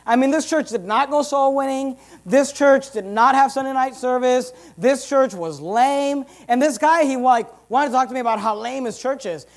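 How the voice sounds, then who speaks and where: A pastor preaching a sermon in an emphatic, punchy style with big loud swings. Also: male voice, extremely high pitch, moderate pace, few pauses.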